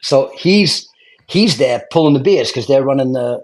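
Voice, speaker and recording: A middle-aged man from Brooklyn with a New York accent, a retired fire lieutenant telling animated stories and acting out quotes. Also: medium pitch, normal speed. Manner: animated storyteller, acts out quotes, laughs often. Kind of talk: casual storytelling chat.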